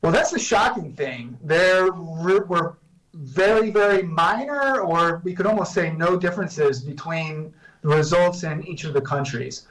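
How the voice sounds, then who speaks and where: A man talking as a guest professor on a video call, measured and explanatory with frequent restarts. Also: fairly high pitch, fairly bright tone, distant mic, low-quality recording. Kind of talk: remote interview answers.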